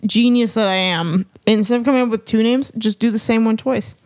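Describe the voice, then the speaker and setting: A woman's voice: a little high, a little fast, a little mellow, no room sound. A woman co-hosting a podcast in casual chat, playful and giggly, talking very close to the mic. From American South. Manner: playful, giggly, sings silly filler sounds. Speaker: podcast co-host.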